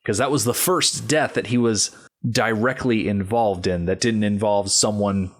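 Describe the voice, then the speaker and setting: A man hosting a podcast, talking through a film scene in a measured, explanatory way. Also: lowish voice, fairly even intonation. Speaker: podcast host. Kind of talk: casual film discussion.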